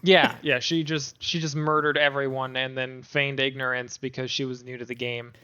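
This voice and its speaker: A man's voice: mid-range voice, level tone, moderate pace, sharp tone, clean tone. A man co-hosting a gaming podcast, chatting casually with lots of fillers and restarts. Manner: rambling, many fillers and restarts. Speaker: podcast co-host. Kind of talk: casual chat.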